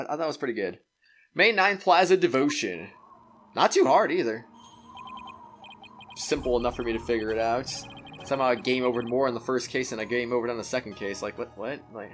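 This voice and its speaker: Man ranting animatedly over game music. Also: medium pitch. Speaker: gaming YouTuber. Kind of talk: let's play commentary.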